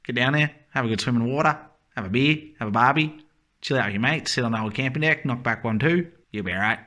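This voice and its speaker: A man's voice: mid-range voice, quick pace, sharp tone, natural voice. A man putting on a broad, laid-back Australian bloke who rambles cheerfully in slang. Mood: carefree.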